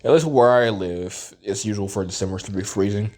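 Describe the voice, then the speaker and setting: A man's voice: lowish voice, a little fast, a little mellow. A man with a stuffy, nasal voice giving casual gameplay commentary, thinking aloud and musing with fillers as he plays. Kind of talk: casual let's-play commentary.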